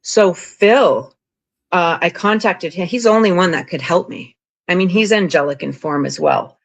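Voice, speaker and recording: A woman guest on an interview podcast, telling long spiritual stories in a rambling, animated way, full of "like" and "you know". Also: lowish voice, moderate pace, creaky. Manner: rambling, animated, frequent 'like' and 'you know'. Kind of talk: casual interview storytelling.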